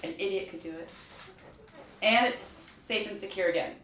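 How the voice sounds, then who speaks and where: A woman real estate agent chatting casually, telling anecdotes with quick asides. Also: medium pitch, background noise. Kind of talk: casual chat. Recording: roomy echo, distant mic.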